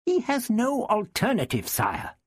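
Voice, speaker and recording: A man's voice: very high voice, huge pitch swings, a little slow, dry recording, clean studio sound, voice pushed up, exaggerated voice. A man voicing a scholarly doctor who hates war and speaks in a mild but cutting way. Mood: calm. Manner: mild and cutting, flaring into fury.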